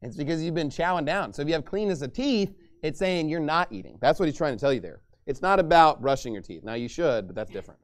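A male pastor preaching a sermon, emphatic and forceful, with mocking asides and scripture read aloud. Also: a little high, expressive, fast talker.

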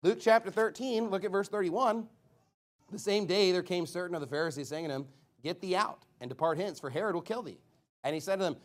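A male preacher with a high, bright-pitched voice delivers a fiery sermon in a church. He reads scripture aloud and shouts the key words with force. Between verses he tosses quick, pointed asides to the congregation. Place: church sanctuary.

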